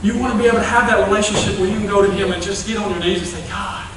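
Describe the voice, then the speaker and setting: A young man delivers a folksy, animated youth sermon in a high voice. He sounds distant from the mic, his words bouncing around a very echoey church. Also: racing, a crowd in the background. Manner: animated, folksy storytelling with playful asides. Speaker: youth revival speaker. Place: church sanctuary.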